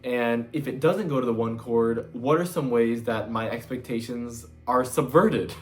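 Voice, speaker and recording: A man's voice: medium pitch, measured pace. A man giving a casual guitar lesson in a loose, chatty way, sometimes singing the chord numbers. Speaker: music teacher. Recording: loud guitar playing behind the voice.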